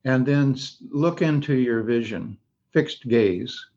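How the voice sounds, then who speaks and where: A man who teaches Zen, slowly talking a group through a meditation visualization in a casual discussion. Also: mid-range voice, a little mellow. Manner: slow, meandering guided explanation. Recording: dull, lo-fi audio.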